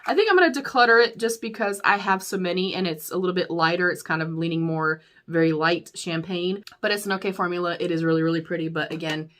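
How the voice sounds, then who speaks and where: A woman's voice: lowish voice, quick pace, hardly any pauses, a bit bright. A young woman chatting candidly through a makeup declutter, calling her viewers y'all and laughing often. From United States. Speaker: beauty YouTuber. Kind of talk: casual chatty product review.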